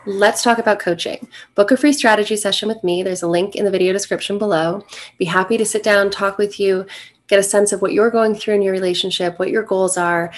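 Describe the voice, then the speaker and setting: A middle-aged woman, a relationship coach, giving earnest, encouraging advice straight to the viewer. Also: medium pitch. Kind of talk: direct-to-camera advice talk.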